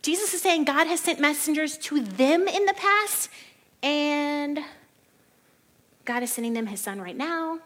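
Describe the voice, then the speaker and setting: Woman, somewhat high voice, relaxed Bible-study teacher, lively and chatty. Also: measured pace. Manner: chatty and animated, laughs often, says "like" a lot.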